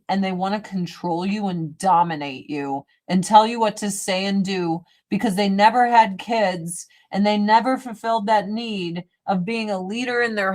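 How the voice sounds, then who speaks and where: A woman hosting a casual livestream, chatting bluntly and profanely while she does her makeup and answers viewer comments. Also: medium pitch. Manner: blunt and profane, with frequent swearing. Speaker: livestream host.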